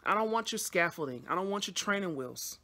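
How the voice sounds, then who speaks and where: A woman's voice: on the low side, animated, fairly quick, a bit bright. A woman vlogging casually, venting bluntly to her camera with frequent swearing and rambling restarts.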